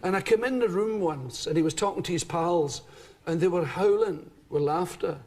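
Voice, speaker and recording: A middle-aged Scottish man, a guest, telling funny stories in a lively chat and acting out voices and sounds. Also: high voice, normal speed. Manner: animated, comic, acts out voices and sounds. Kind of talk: storytelling chat. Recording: studio audience laughter. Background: audience laughter.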